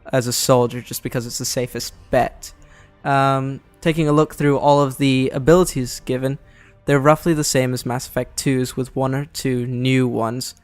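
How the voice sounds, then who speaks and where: A man giving casual, analytical commentary over game footage, talking loosely and correcting himself. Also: mid-range voice. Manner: chatty, analytical, self-correcting. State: out of breath. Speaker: gameplay commentator.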